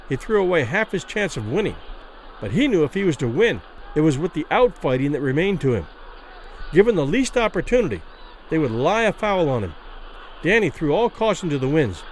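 A man's voice: on the high side, slight background noise, rough recording. A man narrating a classic short story in a dramatic audiobook reading. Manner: expressive, dramatic.

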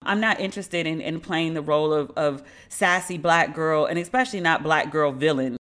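Alone on her podcast, a woman host tells a story with sardonic mockery, slipping into quoted voices as she comments. Her voice is low-pitched and fairly bright, at a moderate pace.

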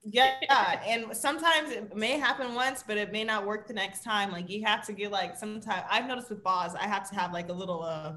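A woman's voice: medium pitch, brisk, hardly any pauses. A woman chatting casually about parenting, talkative and full of fillers. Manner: chatty, lots of fillers, animated retelling. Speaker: podcast co-host, parent. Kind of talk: casual chat.

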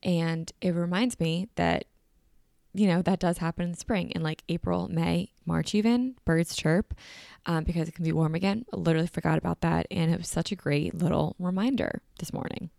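A woman's voice: on the low side, normal speed, vocal fry, dark tone, no room sound, studio quality. A young woman hosting her podcast in casual, rambling chat, with a groggy morning voice. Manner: chatty, rambling, upbeat. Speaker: podcast host.

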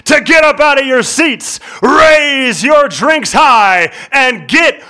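A man doing his booming boxing ring introduction, stretching words out and rolling his R's. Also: expressive, sharp tone, exaggerated voice. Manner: booming, drawn-out, rolled R's. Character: man in a grand arena announcer voice. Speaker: ring announcer.

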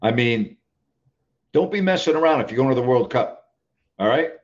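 A man hosting a call-in sports talk show, with a voice of middling pitch. He talks emphatically and stumbles over repeated words as he makes his points. The sound is a bit muffled and lo-fi. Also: moderate pace, pauses often. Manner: emphatic, repeats himself, keeps saying "all right?".

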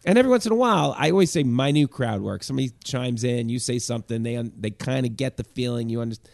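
A man's voice: medium pitch, expressive, fast, creaky, a little mellow, dry recording. A man hosting a podcast, giving emphatic, opinionated views in casual chat. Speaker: podcast host.

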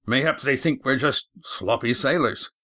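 A man voicing a male boat skipper who gives brisk orders to his crew. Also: mid-range voice, bright, forceful tone, no room sound, clean studio sound. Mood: commanding.

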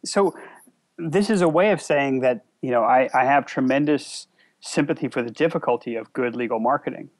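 A man speaking as a guest in a conversational interview, thoughtful and measured, with frequent filler pauses. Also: mid-range voice. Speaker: interview guest, company CEO.

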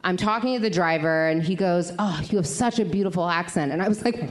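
Wry, lively-voiced woman co-host. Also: on the low side, fairly quick, a little hiss or hum. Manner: wry, exasperated, laughs mid-sentence. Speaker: podcast co-host. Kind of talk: casual banter.

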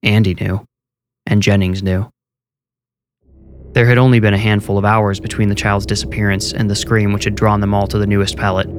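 A man reads a horror story in a steady, measured way, a low voice carrying the suspense. The delivery is scripted and even. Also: a little hiss or hum. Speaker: narrator. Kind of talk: scripted horror audiobook narration.

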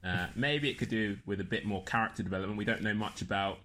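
A man with a fairly low, bright and forceful voice, chatting. He rambles and pokes fun at himself, filling gaps with ums and likes, in relaxed comic banter. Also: quick pace. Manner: rambling, self-deprecating, lots of fillers. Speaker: podcast guest. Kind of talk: casual comedic chat.

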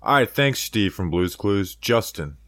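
A man's voice: lowish voice, lively intonation, a little slow, heavy background noise. A young man hosting a casual sports podcast, loose and jokey, with plenty of filler words. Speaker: podcast host.

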